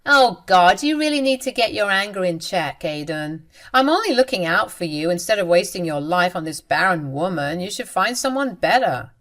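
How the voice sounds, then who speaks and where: A woman's voice: on the low side, sing-song, moderate pace, hardly any pauses, a bit bright. A woman voicing a spiteful, smug young sister-in-law in a dramatized story. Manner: smug, dismissive.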